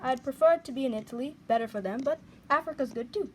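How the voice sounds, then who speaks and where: A woman's voice: high voice, fast talker, a little mellow, slight background noise. A woman playing a strategy board game, joking around in a put-on British accent. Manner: puts on a mock British accent, teasing. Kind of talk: casual banter while playing.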